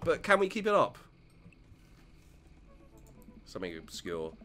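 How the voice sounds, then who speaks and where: A man's voice: mid-range voice, wildly swooping pitch, measured pace, sharp tone, heavily acted. A man voicing a friendly, good-humored suburban dad in a video game, coaxing playfully and stumbling over words.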